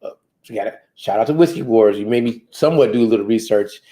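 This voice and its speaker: A man's voice: on the low side, fast talker, dark tone. A man hosting a casual live stream, rambling loosely and laughing at himself. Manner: self-deprecating. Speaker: host.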